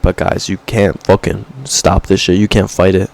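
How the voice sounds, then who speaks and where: A man's voice: little pitch movement, moderate pace, creaky, hardly any pauses, slight background noise. A young man talking to camera in a rambling, profane rant, often saying "bro" and mocking others in put-on voices. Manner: mocking put-on quotes in higher voice. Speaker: vlogger.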